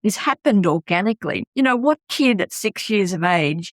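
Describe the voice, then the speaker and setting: Speaking at normal speed with lively intonation and a medium pitch, an Australian charity founder in middle age shares candid stories in an interview. She is earnest and blunt and frequently restarts sentences. There's no room sound.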